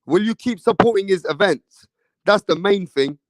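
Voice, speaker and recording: A boxing show host from England reads viewer messages during a casual livestream, chatting in slang and repeatedly turning to his audience. He speaks with a high-pitched, animated voice at a moderate pace, and there's no echo.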